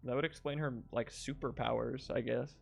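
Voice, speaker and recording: A man co-hosting a stream, chatting casually, giggling and teasing with quick jokes. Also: medium pitch, fairly even intonation, vocal fry, a little mellow, faint music behind. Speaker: streamer co-host. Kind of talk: casual chat.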